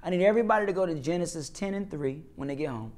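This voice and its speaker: Man, interview guest, emphatic and repetitive, preaching tone, fairly high voice. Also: very fast, darkish tone. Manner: emphatic, repetitive, peppered with "you know what I'm saying". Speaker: comedian and actor, interview guest. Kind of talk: casual interview talk, preaching tone.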